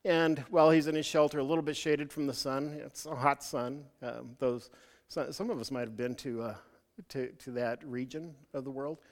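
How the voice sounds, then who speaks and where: A man preaching a sermon, telling a story in a halting way with many restarts. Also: mid-range voice, steady tone, long reverb tail.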